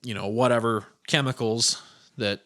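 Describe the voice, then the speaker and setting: A man's voice: mid-range voice, fairly even intonation, normal speed, fairly bright tone. A man hosting a solo podcast, telling stories in a loose, rambling way with casual swearing. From American Midwest. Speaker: podcast host.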